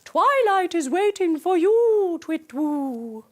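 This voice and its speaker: A woman's voice: extremely high pitch, sing-song, takes it slowly, a little mellow, pitched above the performer's own voice, exaggerated voice. A woman voicing a friendly male owl in a children's yoga story, talking in a hooting sing-song. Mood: cheerful.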